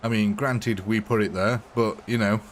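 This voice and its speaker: Chatty gaming streamer. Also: male voice, fairly low pitch, fairly even intonation, moderate pace, a little hiss or hum. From English Midlands. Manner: chatty, laughs often. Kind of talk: live gameplay commentary.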